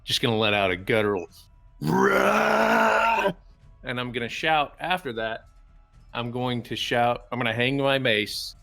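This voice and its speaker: A man's voice: medium pitch, normal speed, bright, forceful tone, faint music behind. A man playing in a tabletop game, eagerly describing his character's actions step by step. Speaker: player. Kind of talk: tabletop role-play.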